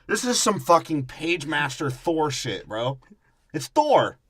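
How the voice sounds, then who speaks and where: A man's voice: fairly high pitch, big pitch swings, slow pace, fairly bright tone, husky, dry recording, clean studio sound. A man co-hosting a podcast, breaking down a movie in a crude, profane and mocking way. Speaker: podcast co-host.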